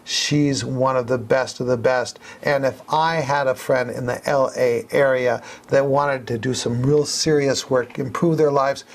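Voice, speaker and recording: A man hosting a casual podcast, joking and playful, talking quickly, recorded at a hypnosis center. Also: medium pitch, steady tone. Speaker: podcast host.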